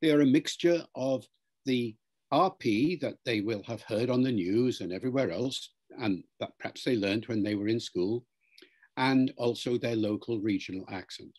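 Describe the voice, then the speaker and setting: An older professor from Wales with a mixed British accent of Welsh, Liverpool and RP features, explaining in an interview in a measured, lecturing way and sounding out words as examples. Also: male voice, medium pitch, a little mellow, dry recording. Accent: mixed British, Welsh and Liverpool with some RP.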